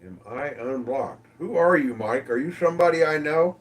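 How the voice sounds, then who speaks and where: A man's voice: a little high, moderate pace, recorded from a distance. A man casually hosting a livestream from his phone, greeting viewers by name in an easygoing way. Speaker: livestream host. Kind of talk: casual livestream chat reading comments.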